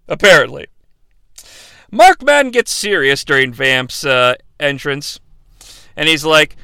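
A man's voice: high voice, creaky, bright, forceful tone, clean tone, no echo. A man hosting a casual, comedic recap, full of sarcastic asides and swearing. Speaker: podcast host recapping a wrestling show.

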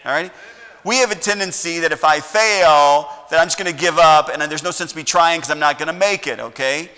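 Casting: middle-aged preacher, bright higher voice, folksy, keeps checking in with the congregation, church echo. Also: male voice, fairly quick, clean tone. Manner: folksy, keeps asking "all righty?". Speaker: pastor. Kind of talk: sermon. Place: church sanctuary.

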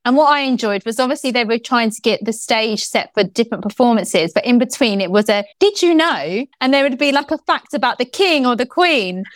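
A woman's voice: fairly high pitch, animated, fairly quick, few pauses, no echo, studio quality. A woman co-hosting a podcast, chatty and giggly as she recounts things. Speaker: podcast co-host. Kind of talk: casual chat.

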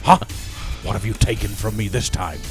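A man's voice: normal speed, soft background music, natural voice. A man growling as a whispering action-hero tough guy. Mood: menacing boast. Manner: low, hushed threats, growled and whispered. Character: gruff, menacing middle-aged action-hero man.

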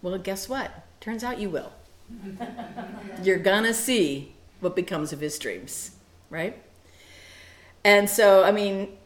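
Woman Bible teacher, animated, playful asides, mid-range voice, roomy echo. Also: mid-range voice. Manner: animated, acts out quoted lines with playful asides.

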